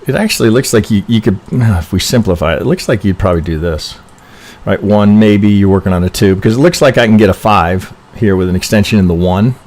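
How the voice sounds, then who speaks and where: A man's voice: on the low side, fast, darkish tone. Man, trading chart review, live stream, rambling, self-interrupting, keeps asking "right?", allergy-stuffy voice. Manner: rambling, self-interrupting, frequent "right?" tags and mild swearing. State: congested with allergies.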